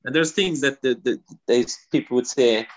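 In a muffled clip, a Kerry-accented Irish comedian talks at a moderate pace in a mid-range voice. It's casual interview chat, and he drifts into restarts and fillers like "you know."

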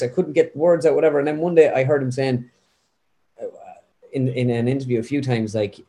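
A man's voice: fairly high pitch, quick pace. A young man with an Irish Midlands accent, a guest impressionist chatting in an interview. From Ireland. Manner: chatty, rambling, animated. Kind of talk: casual interview chat.

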